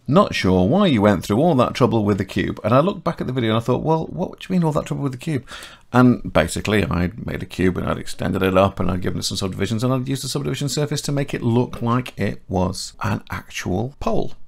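A middle-aged man explains a 3D modelling tutorial in a casual, chatty way, correcting himself as he goes. His voice sits a little low and carries a gravelly edge. He talks each step aloud as he works. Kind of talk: casual screen-recorded software tutorial.

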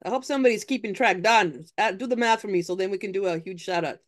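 Upbeat town hall emcee hyping up donations, chatty, mid pitch. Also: fast. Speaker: event host and fundraiser emcee. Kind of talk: live fundraising appeal.

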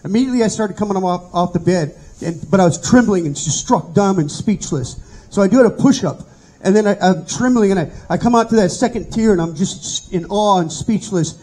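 High, husky middle-aged man teaching. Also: brisk, darkish tone, rough recording. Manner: earnest, conversational storytelling. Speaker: Bible study teacher. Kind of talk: personal testimony in a teaching.

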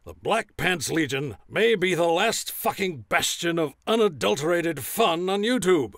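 A man playing a gruff, profane, hard-drinking male arena announcer who blusters through a commercial recording in a comedy sketch. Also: fairly high pitch, lively intonation, unhurried, a bit bright, no echo, clean studio sound. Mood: ranting.

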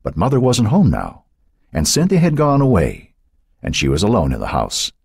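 Brief: male narrator, very deep and husky, lively rises and falls, dramatic measured reading. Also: dry recording, clean studio sound. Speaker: audiobook narrator. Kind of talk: scripted narration.

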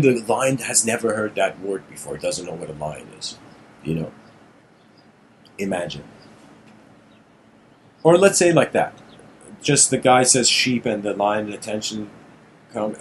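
A man's voice: medium pitch, a little hiss or hum, rough recording. A man lecturing in a casual, meandering storytelling way. He often restarts phrases and adds "you know".

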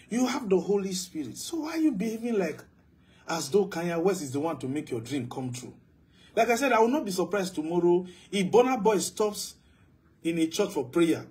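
Emphatic preaching man, fairly high voice. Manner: emphatic preaching, swinging between loud declarations and low asides. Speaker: pastor. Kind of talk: sermon.

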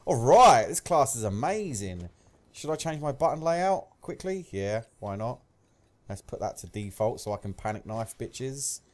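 A young man commentating live gameplay, swearing often and yelling at kills and deaths, with a slight cough. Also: medium pitch, unhurried. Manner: excitable, swears a lot, shouts at game events. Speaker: gaming commentator.

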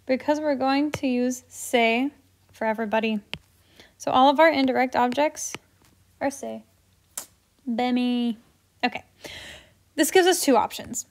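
A woman walks through Spanish grammar examples at an unhurried pace, her voice sitting a bit on the high side. She keeps it light and chatty, tossing in small exclamations and asides as she goes. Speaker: Spanish teacher. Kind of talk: explaining grammar while writing on a board.

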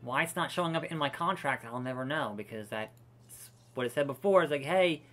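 A man's voice: medium pitch, brisk, a bit bright. A man streaming a park-building game, ranting profanely and exasperated with many restarts. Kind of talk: casual gameplay commentary.

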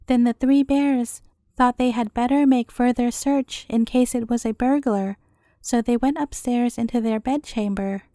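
A woman reading a fairy tale aloud as a bedtime story, in an even, measured way. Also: on the high side, no echo, studio quality.

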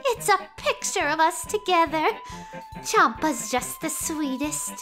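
A woman playing a sweet, gentle character in a children's educational show. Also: high voice, very animated, a little slow, over music, full character voice.

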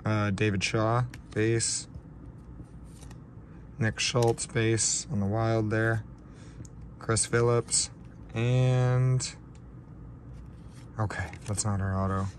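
A man hosting a casual card-opening vlog, talking in a slow, low-key way and getting shaky and overwhelmed with excitement. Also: slight background noise. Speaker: card-breaking channel host.

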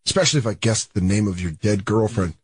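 A man co-hosts a comedy radio show, joking and riffing with a husky, gravelly voice. His pitch swings widely as he teases. The mic is close and dry. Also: lively intonation, quick pace, a little mellow, dry recording. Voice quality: gravelly, low voice he calls a caveman voice. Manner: playful, joking, riffs and does mocking voices. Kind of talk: casual radio banter.

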